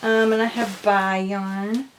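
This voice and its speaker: A woman's voice: medium pitch, little pitch movement, slow, a little hiss or hum. Bubbly young woman rambling casually. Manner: rambling, bubbly, lots of fillers, drops to a whisper at times. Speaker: doll vlogger. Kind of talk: casual chat.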